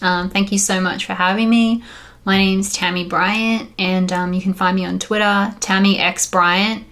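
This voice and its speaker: A woman's voice: mid-range voice, steady tone, a little slow, a bit bright. A woman in her thirties with an Australian accent, giving a chatty, upbeat conference talk as an engineer, with frequent ums along the way. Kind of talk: conference presentation.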